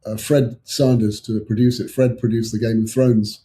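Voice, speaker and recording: Mellow-voiced older English man, rambling. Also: medium pitch, level tone, moderate pace, slight background noise. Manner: rambling anecdotal storyteller, chuckling asides. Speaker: author guest. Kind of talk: casual chat.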